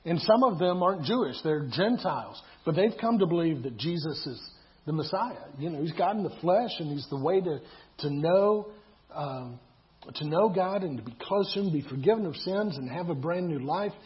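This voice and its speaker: Guy preaching, high voice, chatty with lots of questions, kinda muffled lo-fi audio. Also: lively intonation, moderate pace. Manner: conversational preaching with repeated words and rhetorical questions. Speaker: pastor. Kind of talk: sermon. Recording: dull lo-fi sound.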